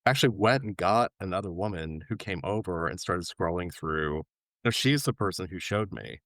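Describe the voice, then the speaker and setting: A man from New York tells a travel story in casual interview chat, with a low voice. He jumps up in pitch to act out the people he quotes. The recording is dry and close. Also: moderate pace, no echo. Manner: animated anecdote-telling, acting out quoted voices with big pitch jumps. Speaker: podcast guest.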